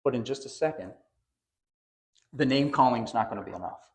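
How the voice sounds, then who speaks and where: A man preaching from a church pulpit, his voice sitting at an ordinary middle pitch. He talks to the congregation in a conversational way, then presses each point by repeating it for emphasis. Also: brisk. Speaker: pastor. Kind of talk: sermon. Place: church sanctuary.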